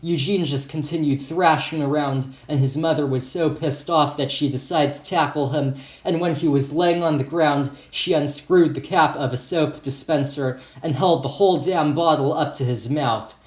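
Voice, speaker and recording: A man's voice: on the high side, moderate pace, few pauses, a little mellow. Man reading a story in an echoey room. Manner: casual, profane storytelling. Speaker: audiobook narrator. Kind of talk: audiobook reading.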